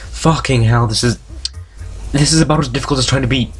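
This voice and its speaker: A man's voice: mid-range voice, fast, faint music behind. A man hosting a let's play, reading a visual novel aloud and breaking off into jokes, tangents and frequent swearing. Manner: reads story text aloud, stumbling over words.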